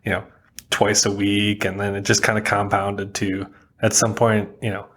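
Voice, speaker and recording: A man's voice: lowish voice, monotone, moderate pace, fairly bright tone, husky. A man with a Wisconsin accent, a chef and cooking instructor, talking casually in a podcast interview, laughing often and using lots of fillers.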